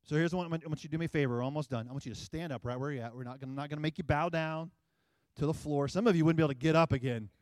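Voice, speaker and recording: A man's voice: fairly high pitch, very fast, darkish tone, no echo. A man preaching a sermon in church, talking casually with the congregation and building up to emphatic scripture reading. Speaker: pastor. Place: church sanctuary.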